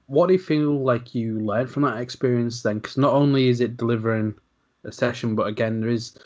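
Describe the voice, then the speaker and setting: Male host of a casual interview, relaxed and rambling. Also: mid-range voice, moderate pace, lo-fi sound. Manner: relaxed, asks long rambling questions. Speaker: podcast host.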